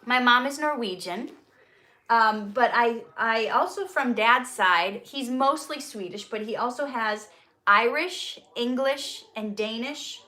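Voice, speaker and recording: A woman's voice: a little high, slow, bright, forceful tone. A woman hosting a casual Q&A livestream, chatty and upbeat, laughing easily as she reads out questions. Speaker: host and actress.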